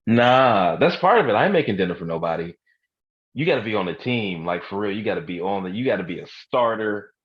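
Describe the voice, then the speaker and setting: A man with a very low, husky voice co-hosts a podcast and talks in an easygoing way, full of swearing and stories. The recording sounds dull and lo-fi. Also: animated, a little fast. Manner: laid-back, profane storyteller. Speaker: podcast co-host. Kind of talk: casual chat.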